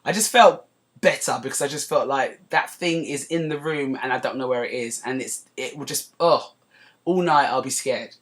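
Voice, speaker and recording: A woman's voice: very deep voice, moderate pace. Chatty woman telling a story. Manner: chatty, digressive, animated when retelling. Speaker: podcast host. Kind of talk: casual storytelling monologue.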